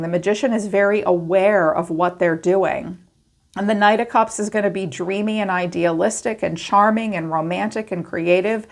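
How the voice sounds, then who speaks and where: A woman giving a chatty tarot reading to camera, acting out quoted thoughts in animated asides. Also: medium pitch, normal speed, vocal fry. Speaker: tarot reader.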